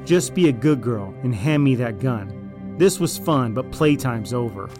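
A man's voice: medium pitch, expressive, measured pace, over music, close to an everyday voice. A man voicing a manipulative male raider in an audio drama, falsely friendly and then arrogant and threatening. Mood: smug, menacing. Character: smug, deceitful male raider, manipulative and menacing.

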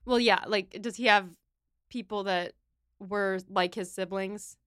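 A woman's voice: mid-range voice, fairly even intonation, measured pace, fairly bright tone, smooth, no room sound, studio quality. A woman co-hosting a book podcast, casually retelling chapters with playful quoted asides. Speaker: podcast co-host.

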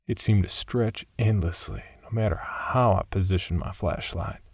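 A man reading a first-person horror story aloud in a measured, somber scripted narration. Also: low-pitched, vocal fry, breathy edge, dry recording, studio quality.

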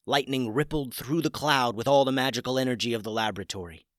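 A man narrating a children's story in a gentle, plain way. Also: medium pitch, fast talker, no echo, studio quality.

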